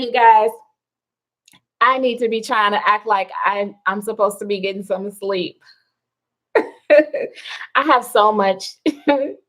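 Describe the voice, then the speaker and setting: On a casual live stream at home at night, a woman with a medium-pitched voice reads viewer comments and chats along. She's a parent whose manner is slow, relaxed and full of laughter, and the audio quality is poor.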